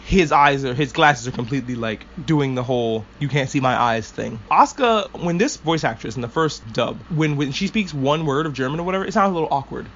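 A man's voice: medium pitch, a little fast, few pauses, a bit bright, lo-fi sound, a little hiss or hum. A man hosting a casual anime discussion podcast, rambling and swearing freely as an enthusiastic fan. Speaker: podcast host.

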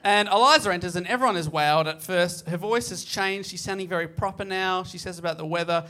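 Aussie-born guy retelling a play, high and bright, laughs a lot. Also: fairly quick. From Australia. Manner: chatty storytelling, laughing often. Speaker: podcast host recapping a play. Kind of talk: casual comedic chat.

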